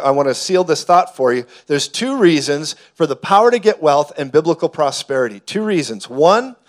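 A man preaching a fervent sermon to a congregation in a church, building at times to shouts. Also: on the high side. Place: church hall before a congregation.

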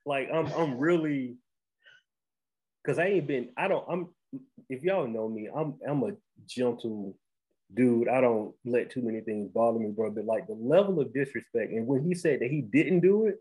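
A man, hosting a podcast and telling a story in animated casual chat, often restarting and saying "bro". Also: mid-range voice, moderate pace, husky, rough recording. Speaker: podcast host.

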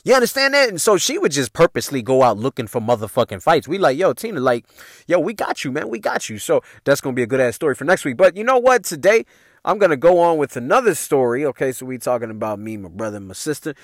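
A man's voice: medium pitch, quick pace, no room sound. Guy telling stories on his podcast, cussing a lot, voice jumps all over, dry close mic. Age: adult parent. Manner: profane, animated, loose street slang. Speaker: podcast host. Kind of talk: casual storytelling.

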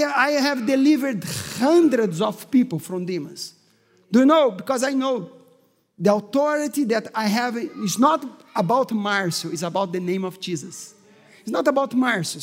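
A male pastor with preaching a sermon with fervor, often raising his voice to a shout. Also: very high voice. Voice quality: non-native English, slightly broken grammar. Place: church hall. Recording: long hall reverb.

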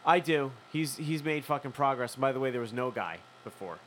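A man from Philadelphia telling a long story in casual chat, profane and animated. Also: medium pitch, fairly quick, a little hiss or hum, rough recording. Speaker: podcast host telling a story.

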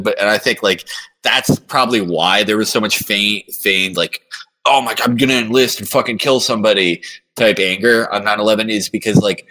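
A man's voice: on the low side, sharp tone, low-quality recording. A man talking as a podcast guest in casual chat, rambling with lots of fillers and swearing.

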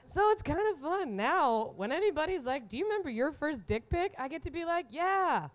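A woman in her twenties telling a comic story from her own life, animated and often laughing through the punchlines. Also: sits high, moderate pace. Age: 20s. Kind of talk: live comedic storytelling.

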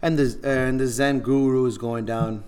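A man's voice: mid-range voice, fairly even intonation, moderate pace, darkish tone, clear, resonant tone. A man hosting a podcast, telling a story in an earnest, heartfelt way with frequent repeats. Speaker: podcast host. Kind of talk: casual podcast talk.

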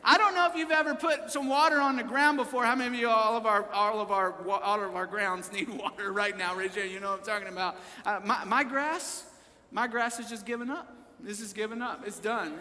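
A man preaching with a very high, piercingly bright voice that rings through a reverberant church hall. He keeps calling out to the congregation, repeats his key phrases, and climbs into shouts. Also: fairly quick. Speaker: pastor. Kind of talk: sermon. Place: church service.

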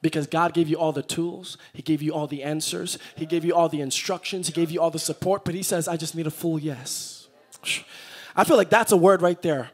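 A man preaching a sermon to a live church congregation, repeating phrases and building to loud, shouted peaks. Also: a little high, steady tone, fairly quick, husky. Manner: engages the congregation directly.

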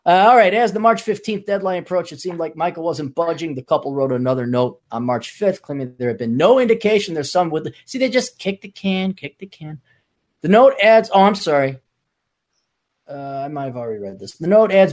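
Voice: medium pitch, a little fast, darkish tone. A podcast host in casual chat who reads a news story aloud, mocking it and laughing between lines. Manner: joking, mocking, laughs often.

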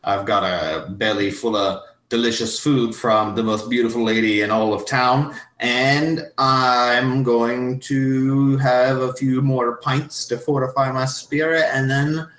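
Brief: a man doing a swaggering, boastful war hero, mid-pitched, tabletop game, echoey room. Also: fairly bright tone, close to an everyday voice. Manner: boastful and belligerent. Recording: roomy echo.

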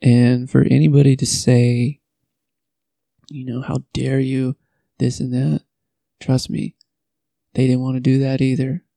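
A man speaking earnestly about personal experience in a halting, pleading way. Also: mid-range voice, flat delivery, creaky, warm tone, dry recording.

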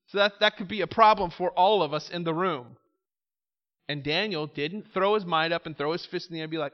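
A male pastor preaching a sermon in a high voice. He speaks emphatically and keeps throwing rhetorical questions to the congregation. The recording is slightly muffled. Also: a little fast, big-room sound. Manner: emphatic, asks rhetorical questions, calls out "Amen?".

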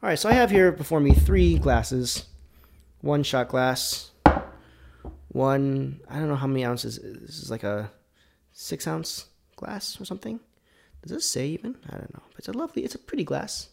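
Gravelly man rambling through a whiskey tasting. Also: on the high side, animated, normal speed, heavy background noise. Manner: rambling, self-correcting, muttering asides to himself; drops to near-whispers between louder bursts. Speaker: podcast host. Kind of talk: casual solo whiskey tasting talk.

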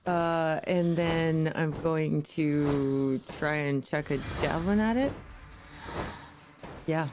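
A woman playing a tabletop game, excitable and shouting out in character. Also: low-pitched, takes it slowly, noisy background. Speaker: player.

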